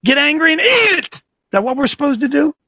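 Male talk host, very high and gravelly, combative and preachy. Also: sing-song, quick pace, pushed and bright, no room sound. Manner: combative, rhetorical questions, preachy. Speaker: talk show host and coach. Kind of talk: fiery commentary with a call-in feel.

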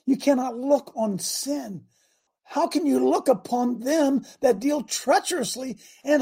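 Gravelly, husky preacher man. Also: extremely high pitch, measured pace. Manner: animated, cries out and breaks into asides. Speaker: radio preacher host. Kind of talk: reading scripture with fiery commentary.

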